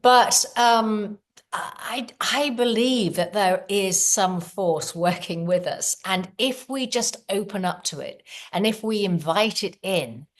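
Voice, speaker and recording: A woman's voice: medium pitch, takes it slowly. Earnest middle-aged woman telling her story. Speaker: podcast guest. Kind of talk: casual storytelling.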